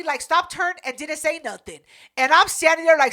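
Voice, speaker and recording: Bright, high-voiced woman telling a story. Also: moderate pace, gravelly. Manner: animated storytelling, acting out quotes, swearing. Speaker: podcast co-host. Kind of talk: casual podcast chat.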